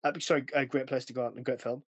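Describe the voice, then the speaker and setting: A man's voice: mid-range voice, little pitch movement, very fast, husky, no room sound. A man hosting a podcast in casual chat, rambling and chatty, often restarting sentences. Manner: rambling, chatty, often breaks into acted quotes. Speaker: podcast host.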